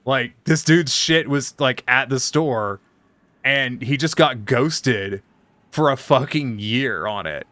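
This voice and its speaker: A man's voice: medium pitch, expressive, slow, sharp tone, no room sound. A man streaming live, telling a profane, exasperated story in casual chat.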